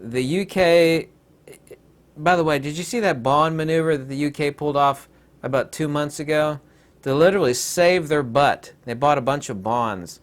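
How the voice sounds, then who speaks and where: A man's voice: a little high, moderate pace. A man hosting a rambling, sarcastic commentary video, full of digressions and mocking asides.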